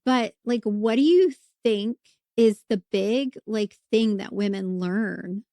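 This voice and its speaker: A woman's voice: mid-range voice, takes it slowly, dry recording, studio quality. Scratchy-voiced woman podcast host. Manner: warm interjections, conversational questioning. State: losing her voice, scratchy. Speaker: podcast host, labor nurse. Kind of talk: casual podcast interview.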